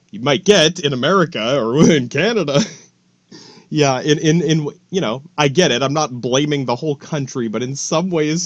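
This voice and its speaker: A man's voice: a little high, dry recording, highs cut off. A man rambling through a profane political monologue, full of restarts and asides. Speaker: podcast host.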